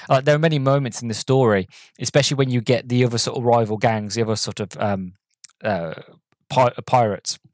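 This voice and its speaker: A man's voice: fairly low pitch, no room sound. A young man hosting a podcast, reviewing a film in casual, rambling talk with lots of restarts and fillers. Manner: acts out quoted characters in a raised voice. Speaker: podcast host reviewing films.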